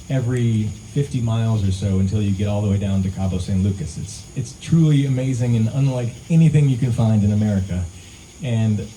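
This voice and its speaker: Mellow-voiced male singer telling a story on stage. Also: medium pitch, a little hiss or hum, rough recording. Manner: relaxed, conversational, laughs at own story. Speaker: singer-songwriter performing live. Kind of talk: storytelling stage banter between songs. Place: live music venue, outdoors among pines.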